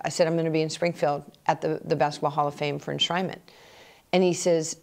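A middle-aged woman telling personal stories in an animated way, acting out remembered conversations. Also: sits low, a little fast. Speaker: interviewee. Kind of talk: personal storytelling.

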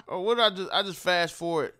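A man doing let's play commentary, talking back at the game in a loud, brash, profane way. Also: sits high, a little fast. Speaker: gamer. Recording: game audio and noise behind.

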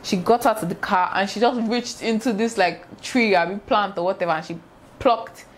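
A young woman, telling a casual storytime vlog in an animated way and acting out sounds. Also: mid-range voice, moderate pace. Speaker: vlogger.

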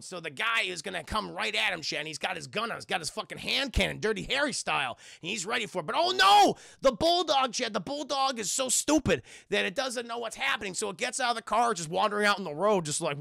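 A man with a high-pitched voice, vocal fry and a sharp tone streams a casual, rambling TV show review, swearing often and talking to his chat. The recording is dry and studio quality.

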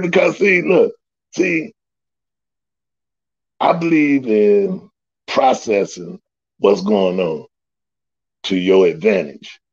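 Gravelly animated man telling a story. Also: on the low side. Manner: animated, laughing, swearing, acts out quotes. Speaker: storyteller guest. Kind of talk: casual storytelling. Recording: dull lo-fi recording.

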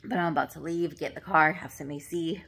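A woman in a tearful, sniffling state, speaking haltingly with many fillers and apologies as she shares a devotional journal in a casual vlog. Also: deep voice, gravelly, a bit bright, breathy edge. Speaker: vlogger sharing devotional reflections. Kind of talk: emotional devotional vlog, reading journal aloud.

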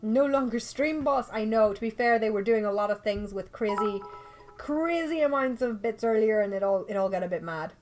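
A young Irish woman chatting casually through a game livestream, excitable and talking to her viewers and the game characters. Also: on the high side, normal speed, soft background music. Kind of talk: casual let's play commentary.

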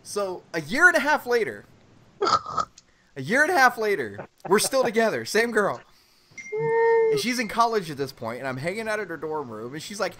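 Guy ranting thru a funny story, swears a ton, high bright voice that jumps all over. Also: brisk. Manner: animated, profane, acts out quotes. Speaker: podcast co-host. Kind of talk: casual storytelling chat.

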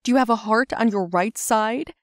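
A woman voicing a firm but loving mother in an animated story, matter-of-fact in tone. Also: on the high side, moderate pace, no echo, studio quality, close to an everyday voice.

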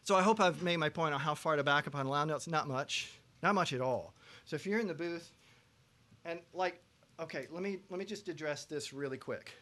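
A man teaching a pop vocal production masterclass to students, lively, breaking into loud sung examples. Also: a little high, a little fast. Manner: animated, belts out sung examples.

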